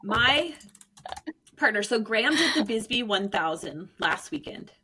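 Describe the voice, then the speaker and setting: Woman, podcast co-host, animated storyteller, bright ringing voice, slightly high pitch. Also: measured pace, breathy edge. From Arizona, United States. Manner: animated, acts out quotes with big pitch jumps and laughing. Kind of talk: casual storytelling chat.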